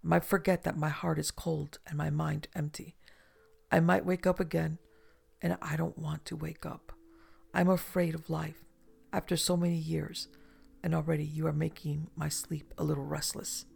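A reader voicing a weary, sad Spanish noblewoman in an audiobook, speaking slowly and quietly. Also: mid-range voice, level tone, vocal fry, breathy edge, soft background music. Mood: grave, sorrowful. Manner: slow, grave and quiet. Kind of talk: audiobook reading.

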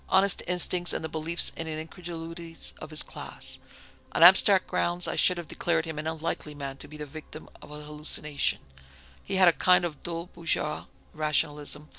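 A man narrating a classic story as an audiobook, measured and even. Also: on the high side, creaky, poor audio.

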